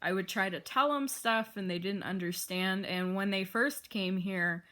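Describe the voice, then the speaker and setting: A woman's voice: medium pitch, measured pace, a bit bright. A young woman vlogging in a rambling, casual way, full of filler words.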